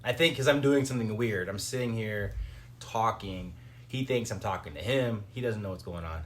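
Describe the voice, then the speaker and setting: This is casual building commentary from a man streaming live as he assembles hardware at home. He speaks at a normal speed in a fairly low pitch, with slight background noise, and his loose, rambling talk is full of joking asides to his viewers and his dog.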